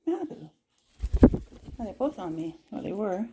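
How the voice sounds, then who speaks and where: A woman's voice: mid-range voice, sing-song, moderate pace, pauses often, dark tone, a little hiss or hum. A woman at home chatting with her pet birds in coaxing baby talk. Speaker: pet bird owner, channel host. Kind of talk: casual chat with pet birds. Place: at home, indoors.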